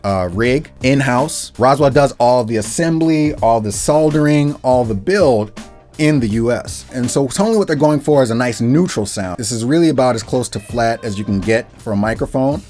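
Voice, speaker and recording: A man's voice: medium pitch, expressive, moderate pace, a little mellow, soft background music. A man casually reviewing a microphone in an upbeat, conversational way, repeating phrases for emphasis, recorded close on a studio condenser mic at a desk setup.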